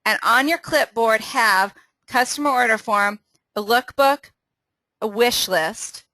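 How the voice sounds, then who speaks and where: A woman's voice: a little high, slow pace, bright, forceful tone, dry recording, rough recording. A woman hosting a casual sales training call, upbeat and laughing often, running a quiz and restarting her sentences.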